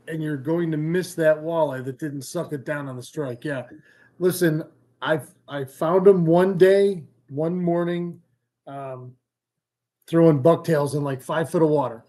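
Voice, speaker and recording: Male livestream host, chatty and easily sidetracked, cracks jokes, slightly higher voice, casual fishing talk from home. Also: measured pace, dark tone. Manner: rambling, joking, easily sidetracked. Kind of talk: casual live-stream chat. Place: home, indoors.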